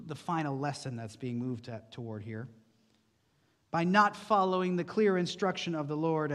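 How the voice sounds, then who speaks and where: A man's voice: high-pitched, a bit bright. A male pastor preaching an earnest sermon, posing rhetorical questions to the congregation. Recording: long reverb from a large hall.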